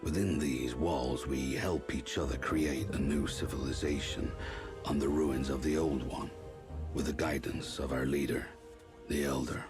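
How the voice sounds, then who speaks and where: A sardonic mutant stalker, grim and weary, narrating a game opening. The voice sits extremely low and booming. Loud music swells beneath every line. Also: male voice, steady tone, a little slow. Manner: grim, accusing, sardonic delivery. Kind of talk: scripted game intro narration. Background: loud game soundtrack music.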